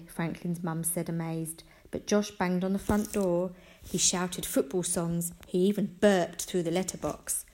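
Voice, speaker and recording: A woman reading a children's storybook aloud in an expressive, animated manner. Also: lowish voice, unhurried.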